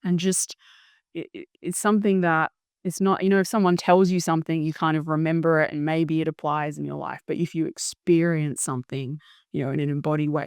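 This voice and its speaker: A woman's voice: sits low, creaky, dry recording, studio quality. A woman guest in an interview, telling her story in an earnest, reflective way, searching for words.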